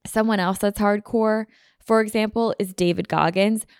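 A woman's voice: mid-range voice, steady tone, normal speed, darkish tone, clear, resonant tone, dry recording, studio quality. A woman hosting a solo podcast, chatting casually and rambling with lots of "like" fillers. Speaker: podcast host.

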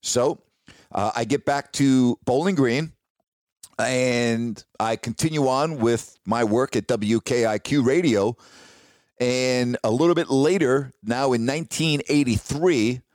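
A sportscaster telling a personal career story in a casual, animated, ad-libbed way. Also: male voice, mid-range voice, no echo, studio quality. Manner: casual, animated retelling with ad-lib restarts.

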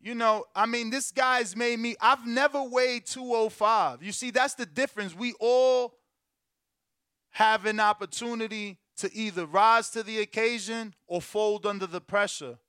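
A man's voice: high-pitched, steady tone, measured pace, sharp tone, smooth, no room sound, studio quality. A man in his forties hosting a call with fighters, brash and profane, lecturing them in a casual way. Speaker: event promoter hosting a call.

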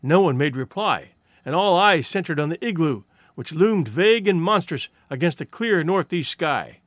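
A man narrating a story in a dramatic, expressive audiobook reading. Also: fairly high pitch, normal speed, no echo, studio quality.

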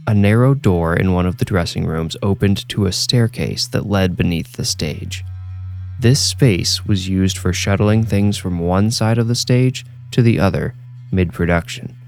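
A man reading a scripted horror story aloud in a measured, hushed storytelling manner. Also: low-pitched, gravelly, soft background music. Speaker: horror story narrator and host.

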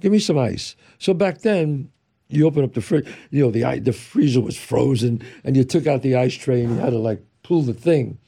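A man's voice: medium pitch, brisk, gravelly, slightly rough. An older man from New York, a guest telling family stories in an interview and acting out his relatives' voices. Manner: animated, acts out relatives' voices. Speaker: guest, actor and writer. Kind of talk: storytelling interview.

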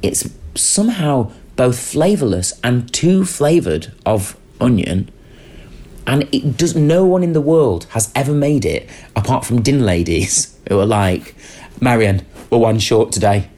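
Lively man riffing comically. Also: mid-range voice, a little slow. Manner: comic, animated, riffs with mock voices. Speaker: podcast guest. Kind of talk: casual chat.

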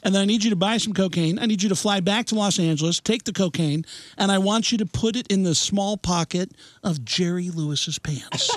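A man doing a comic impression of a famous male comedian, gleeful and loud, rising into shouts. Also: sits high, fairly quick, no echo, voice pushed up, natural voice. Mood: manic.

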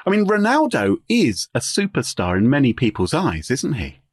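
Husky man chatting lively. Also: medium pitch, no room sound, studio quality. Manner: chatty, quick to laugh. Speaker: podcast co-host. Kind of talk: casual chat.

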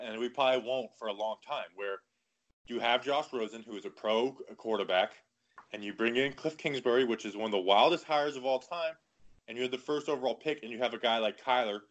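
A man co-hosting a podcast in casual sports chat, animated and talking in quick bursts full of "like". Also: medium pitch. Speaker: podcast co-host.

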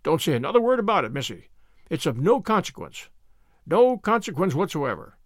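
A man reading aloud and voicing a blunt, hasty old farmer who speaks his mind briskly. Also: fairly high pitch, huge pitch swings, husky, no echo, clean studio sound, full character voice. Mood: brisk, gruff. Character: gruff outspoken older farmer, hasty but kindly.

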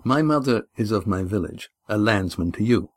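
A man's voice: lowish voice, lively intonation, normal speed, close to an everyday voice. A man voicing a defiant, impatient young man in an audiobook, speaking earnestly and insistently.

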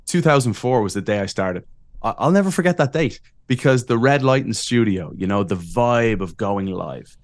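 A man in his thirties with an Irish accent, a podcast guest telling lively, self-deprecating stories and laughing often. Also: mid-range voice, dry recording. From Ireland. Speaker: podcast guest, wrestling announcer. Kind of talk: casual interview storytelling.

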